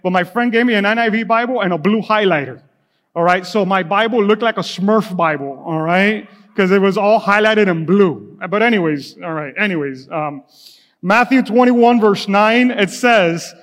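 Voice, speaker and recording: High-voiced pastor preaching in a reverberant hall. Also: male voice, moderate pace, fairly bright tone. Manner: casual and conversational, building to fervent repetition. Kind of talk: sermon. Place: church sanctuary.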